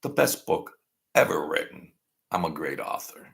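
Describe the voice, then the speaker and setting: A man's voice: rumbling low, sing-song, normal speed, creaky, fairly bright tone. A man in his sixties hosting a livestream, chatting in a rambling, sentimental and jokey way. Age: 60s. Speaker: livestream host. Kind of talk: rambling casual livestream chat.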